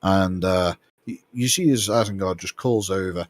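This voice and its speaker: A man running a tabletop game as game master, narrating in a halting way with many restarts. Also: low-pitched, no echo, studio quality.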